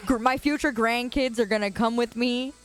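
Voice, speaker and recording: A young woman from the Chicago area chatting casually with her viewers as she livestreams from a quiet suburban curb outdoors, laughing often and answering comments. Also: a little high, steady tone, unhurried, clean tone, faint music behind.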